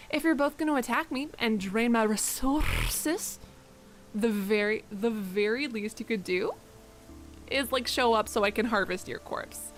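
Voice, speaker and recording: A woman's voice: on the high side, lively intonation, normal speed, vocal fry, slight background noise. A woman streaming a video game, chatting casually with her viewers and cursing at the enemies she fights. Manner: chatty, swears at enemies, talks to chat. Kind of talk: casual live-stream gameplay chat. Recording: game music under voice.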